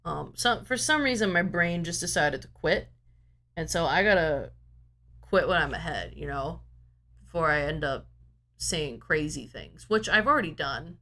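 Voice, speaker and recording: Lively, rambling woman streamer. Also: sits low, normal speed. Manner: rambling, talkative, self-mocking. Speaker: game streamer. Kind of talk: casual chat. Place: home. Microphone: desk microphone.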